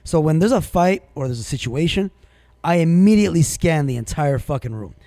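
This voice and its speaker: A man's voice: on the high side, animated, fairly quick, warm tone, dry recording. A man co-hosting a podcast, telling stories bluntly and emphatically, swearing constantly in casual banter. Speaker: podcast co-host.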